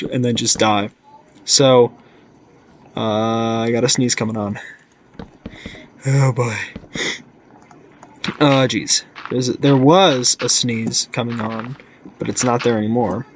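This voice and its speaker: Speaking a little slowly at medium pitch, with slight background noise, the young host narrates a let's-play. His commentary is rambling and silly, and he keeps stopping himself partway through.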